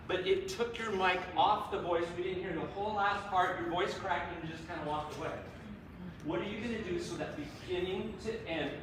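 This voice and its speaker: Encouraging man giving performance feedback. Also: high voice. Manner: encouraging, animated, laughs often. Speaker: performance adjudicator. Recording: echoey room, far from the mic, noisy.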